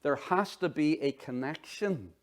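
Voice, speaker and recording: A middle-aged man preaches in a chatty, animated way. He breaks off into personal asides. His voice sits a little higher than most men's. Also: a little slow. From Northern Ireland. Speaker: pastor. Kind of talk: sermon.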